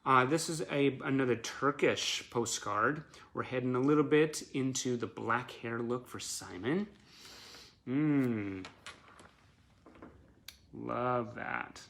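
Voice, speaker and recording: A man's voice: mid-range voice, slow pace, gravelly, fairly bright tone. A man who collects band memorabilia, chatting casually on a live stream and showing off his items, enthusiastic and full of fillers.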